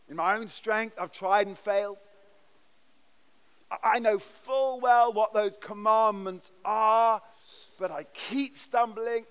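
A pastor whose voice sits high with a fairly bright tone preaches a sermon in church. His earnest, emphatic delivery is marked by frequent stammered restarts.

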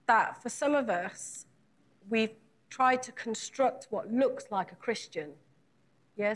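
A woman's voice: medium pitch, fairly bright tone. A woman preaching a sermon, retelling scripture in a conversational way and putting earnest, repeated questions to her congregation.

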